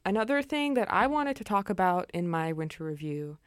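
A woman's voice: fairly low pitch, sing-song, brisk, clean tone, dry recording, studio quality. Chatty young woman on college radio. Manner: chatty, rambling, many fillers. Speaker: campus radio co-host. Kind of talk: casual radio chat. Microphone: studio microphone.

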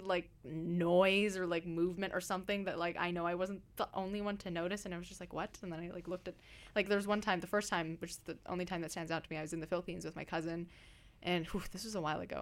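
A woman co-hosting a casual studio chat, rambling through stories with frequent laughs. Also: on the low side. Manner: giggly, rambling storyteller. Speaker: radio co-host. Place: radio studio.

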